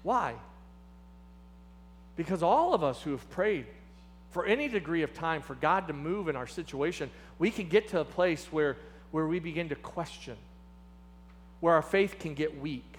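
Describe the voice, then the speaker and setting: A man's voice: expressive, moderate pace, pauses often, a little hiss or hum. A man preaching a sermon, impassioned and acting out the people he quotes. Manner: impassioned, acts out quoted speakers with rising pitch. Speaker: pastor.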